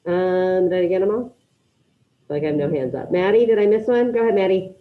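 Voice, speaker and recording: A woman's voice: lowish voice, animated, a little fast. A woman teaching a Spanish class online, calling on students by name and encouraging their answers. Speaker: high school Spanish teacher. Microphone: video call. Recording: dull lo-fi video call audio.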